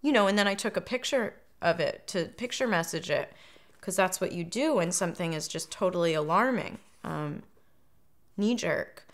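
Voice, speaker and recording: A woman speaking candidly in an interview, hesitant and self-reflective with frequent pauses. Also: on the low side, animated.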